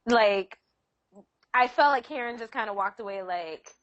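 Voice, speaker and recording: A woman's voice: on the high side, moderate pace, dull audio. A woman co-hosting a casual podcast chat about a TV show, jumping in with emphatic opinions. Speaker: podcast co-host.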